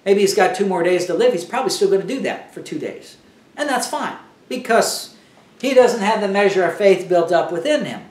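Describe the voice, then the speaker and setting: A man's voice: high voice, expressive, fairly quick, recorded from a distance. Man teaching scripture in an echoey room. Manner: conversational teaching with frequent restarts and fillers. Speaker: bible teacher. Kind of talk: sermon.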